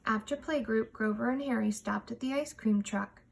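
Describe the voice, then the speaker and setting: Gravelly-voiced woman reading a storybook. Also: on the high side. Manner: expressive and measured. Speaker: storytime reader. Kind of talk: reading a picture book aloud.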